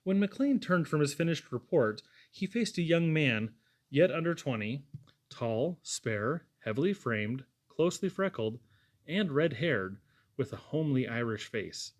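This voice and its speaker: A man's voice: a little high, very animated, unhurried. Man reading an audiobook. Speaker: audiobook narrator. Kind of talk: scripted narration.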